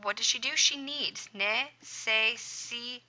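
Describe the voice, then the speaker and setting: A woman's voice: mid-range voice, moderate pace, sharp tone. A woman teaching a Spanish grammar lesson over a screen recording, upbeat and encouraging, dropping little sound effects as she writes.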